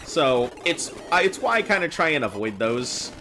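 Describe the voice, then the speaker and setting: A man chatting casually with viewers while he plays, rambling and thinking out loud. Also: a little high, big pitch swings, normal speed, slight background noise. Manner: rambling, talks to chat while playing. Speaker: game streamer. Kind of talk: casual live-stream chat. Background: game music.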